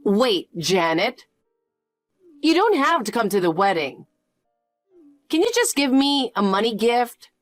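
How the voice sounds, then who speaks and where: A woman's voice: a little high, big pitch swings, unhurried, long pauses, no room sound, soft background music. A woman voicing a greedy, pushy middle-aged birth mother who demands money, in a scripted story reading. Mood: demanding. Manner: demanding, wheedling.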